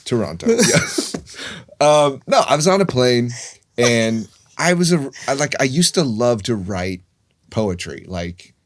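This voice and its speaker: A man's voice: mid-range voice, big pitch swings, unhurried. A man in his fifties, a guest in a casual interview, telling stories in a rambling way with frequent restarts. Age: 50s.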